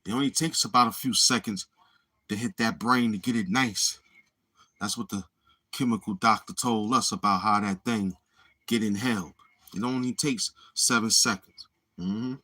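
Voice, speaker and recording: Rambling husky man hosting a livestream. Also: lowish voice, moderate pace, pushed and bright. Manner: rambling, with many murmured mm-hmms. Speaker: livestream host. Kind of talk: casual livestream monologue.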